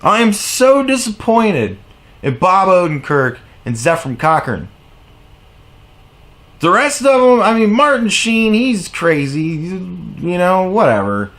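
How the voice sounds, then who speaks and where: Brief: male vlogger, furious sarcastic rant, swears constantly, high voice that swings wildly. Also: sing-song, slow. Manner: heavy profanity, sarcastic and mocking; exasperated, shifts between shouting highs and low mutters. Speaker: commentary vlogger. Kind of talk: angry political rant.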